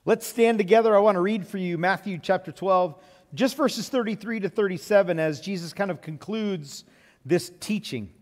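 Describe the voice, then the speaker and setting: A man's voice: sits high, normal speed. A man preaching a sermon as pastor, telling stories conversationally with frequent fillers, in a large church sanctuary. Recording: long reverb of a church hall.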